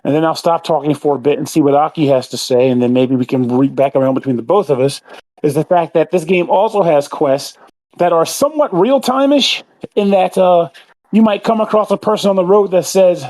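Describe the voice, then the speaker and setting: A man with a slightly high-pitched voice co-hosts a casual podcast chat. He rambles on at length, filling his sentences with fillers and restarts, and is aware of how much he is talking. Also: brisk, darkish tone. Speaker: podcast co-host.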